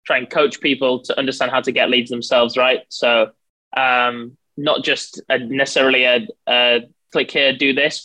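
A man with an English accent, a podcast guest chatting casually, relaxed and a bit hesitant with fillers. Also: mid-range voice, poor audio.

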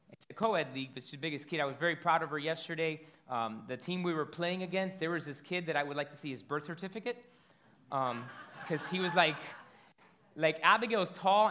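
High bright-voiced preaching man. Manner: animated storytelling preacher, stumbles and repeats words. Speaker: pastor. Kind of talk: sermon.

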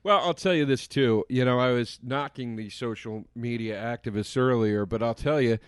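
A man's voice: mid-range voice, normal speed, clear, resonant tone, no room sound, clean studio sound. A man co-hosting a podcast, ranting in a bleak, profane, casual way. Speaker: podcast co-host. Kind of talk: casual chat.

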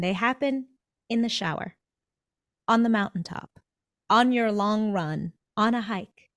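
A woman's voice: a little high, no room sound, studio quality. A woman speaking as a podcast guest in a conversational interview, telling stories animatedly and acting out little quotes. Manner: animated storytelling, acts out quotes. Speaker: podcast guest, dentist and coach.

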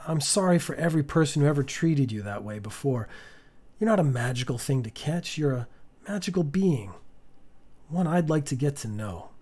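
A man voicing a remorseful adult man who apologizes earnestly, halting and restarting as he speaks. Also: on the high side, expressive, a little mellow. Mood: apologetic.

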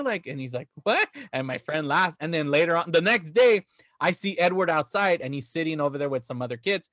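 A podcast host with a fairly high, fairly bright, expressive voice talks fairly quickly in a studio-quality recording with no room sound. He tells stories through casual chat, laughing often and swearing freely.

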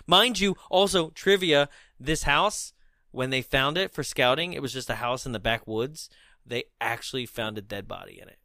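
A woman co-hosting a casual film review chat, animated and laughing, acting out lines in shrieks. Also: a bass voice, moderate pace, no room sound. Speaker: podcast co-host.

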